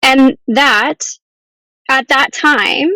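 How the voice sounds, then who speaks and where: Woman sharing a hard story on a podcast, halting and earnest, kinda gravelly, dry mic. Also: high voice, pushed and bright, no echo, rough recording. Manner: earnest, halting, with restarts and ums. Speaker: podcast guest. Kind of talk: emotional personal story.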